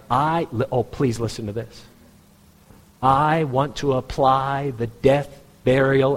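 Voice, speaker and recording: A man preaching a sermon in a conversational, pointed way, jumping into a higher voice when he imitates people in the pews. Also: in a large hall. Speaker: pastor.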